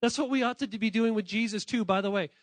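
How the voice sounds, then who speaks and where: A man preaching a lively, playful sermon to children and students, often calling on listeners and correcting himself as he goes. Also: high-pitched, quick pace, dry recording. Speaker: pastor speaking to children and students. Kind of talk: lively sermon addressed to kids.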